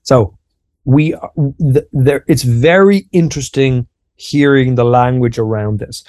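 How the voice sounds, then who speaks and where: A man's voice: mid-range voice, fairly even intonation, slow, mellow, no room sound. An Irish man co-hosting a podcast, talking casually and self-deprecatingly, explaining ideas with lots of restarts. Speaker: podcast co-host.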